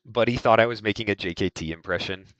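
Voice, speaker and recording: A man's voice: fairly low pitch, fast talker, fairly bright tone, dry recording, dull audio. A man streaming a speedrun, chatting casually with his live chat and reading messages aloud. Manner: reads chat aloud, hums and scats to himself.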